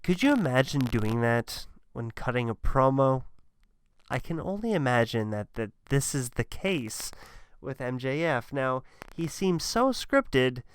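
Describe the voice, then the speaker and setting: A man's voice: medium pitch, smooth, no echo, clean studio sound. A man giving sarcastic, mocking commentary on a wrestling clip. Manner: sarcastic, mocking, deadpan asides.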